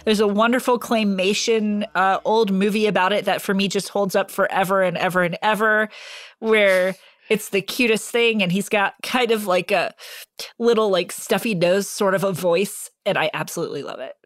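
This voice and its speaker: A woman's voice: mid-range voice, steady tone, moderate pace, dry recording, studio quality. A woman co-hosting a podcast in casual chat, chatty and self-deprecating, laughing easily. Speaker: podcast co-host.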